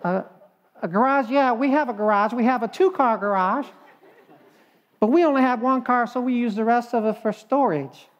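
A man voicing a confused older woman in a joke, speaking haltingly and drawn out. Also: extremely high pitch, dull audio, pitched above the performer's own voice. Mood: muddled. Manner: halting, drawn-out, hesitant speech. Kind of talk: joke told in a sermon.

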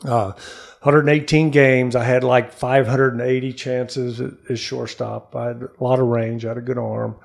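An older man, a former pro baseball player, telling lively stories as a studio interview guest and acting out the quotes. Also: mid-range voice, normal speed, gravelly. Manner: lively storyteller, acts out quotes. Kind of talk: animated storytelling in conversation.

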